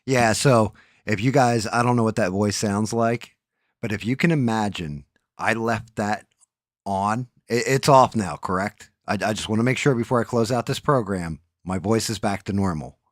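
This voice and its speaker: A man's voice: fairly low pitch, normal speed, dry recording, studio quality. A man hosting a casual live stream, rambling and swearing casually as he tells a story against himself.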